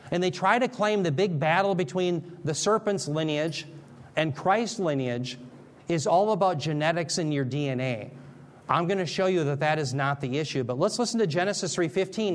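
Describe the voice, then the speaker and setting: A man giving a conversational teaching sermon, explaining scripture step by step, often checking in with the listeners and adding joking asides. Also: on the high side. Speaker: Bible teacher.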